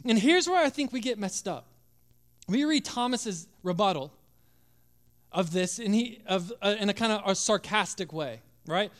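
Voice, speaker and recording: A male pastor preaching a sermon with passion, acting out voices and dropping to a hush at times. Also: high voice, animated, normal speed. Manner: impassioned, acts out biblical voices, drops to hushed tones.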